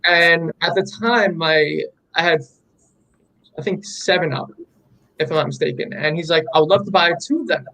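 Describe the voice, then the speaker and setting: A man's voice: fairly high pitch, normal speed, gravelly, bright, forceful tone, poor audio. A young man, an artist being interviewed, telling a story in an enthusiastic, rambling way with many fillers. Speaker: artist guest. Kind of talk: candid interview chat.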